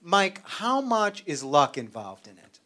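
High-voiced teasing male interviewer. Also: sing-song, bright, forceful tone. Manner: teasing, quick follow-up questions. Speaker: podcast host. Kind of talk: casual interview.

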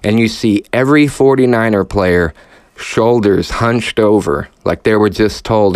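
Man ranting on a podcast, frustrated, sarcastic, swearing, lowish voice, smooth clear tone, dry close sound. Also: a little slow, a little mellow, dry recording. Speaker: podcast host. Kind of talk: profane rant.

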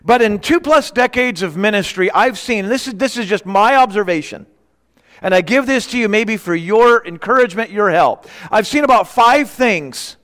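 A middle-aged man preaching a sermon as guest pastor, emphatic, slowing down to stress key words and questioning the congregation. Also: high-pitched, animated, a bit bright, no room sound, studio quality, big-room sound. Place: church sanctuary.

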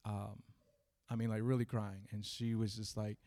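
A man preaching a sermon to a church gathering, talking in a halting way with many fillers, then building to fervent preaching. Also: on the low side, flat delivery, warm tone.

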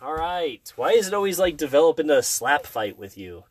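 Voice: mid-range voice, sing-song, fairly quick, heavy background noise. An adult hosting a casual podcast with a child, teasing her with dry, amused remarks in a very small room. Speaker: podcast host.

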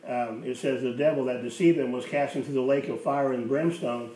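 A man's voice: medium pitch, steady tone, brisk, warm tone. Emphatic male pastor, roomy and distant. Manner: emphatic, repeats key phrases for effect. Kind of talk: sermon. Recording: roomy, distant mic with faint hiss.

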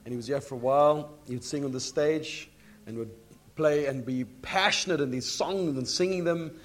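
A man's voice: fairly high pitch, moderate pace. A male pastor leads an interview on stage in front of his congregation. He coaxes his guest to keep going and fills in the story for the audience, speaking into a stage microphone. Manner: coaxing, explains to the congregation. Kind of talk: leading a church interview.

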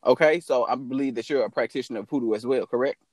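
A man's voice: mid-range voice, fast, no echo. A man from St. Louis hosting his podcast in casual chat, loose, profane and slangy. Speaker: podcast host. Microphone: phone call recording.

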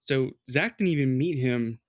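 A man's voice: medium pitch, moderate pace, no echo, studio quality. A man co-hosting a podcast, telling a true crime story in a loose, rambling, casual way. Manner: loose, rambling, with lots of "like" and "dude".

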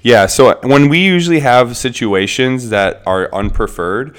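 On a parenting podcast, a man in his thirties talks through child behavior at an unhurried pace, his medium-pitched voice clear and resonant. As co-host, he explains things conversationally, thinking aloud as he goes.

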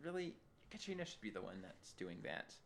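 A man in casual chat recapping a show episode, animated and acting out the characters in exaggerated voices, his voice low this early in the morning. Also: brisk, a little hiss or hum. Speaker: podcast co-host.

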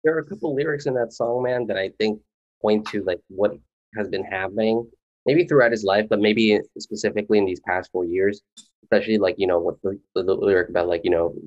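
Low-voiced man chatting casually. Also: a little fast, a little mellow, muffled recording. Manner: rambling, earnest, many fillers. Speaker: podcast co-host. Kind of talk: casual chat.

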